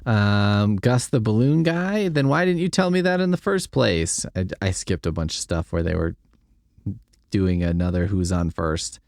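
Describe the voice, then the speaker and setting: A man's voice: on the low side, big pitch swings, normal speed, creaky, a little mellow, no room sound, studio quality. A male podcast host reading a silly story aloud and breaking off into sarcastic, incredulous comedic commentary, swearing casually.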